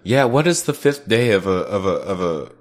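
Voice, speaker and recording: Deep-voiced podcast co-host man. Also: normal speed. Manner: excitable, crude, reacting with exclamations. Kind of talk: casual comedic chat.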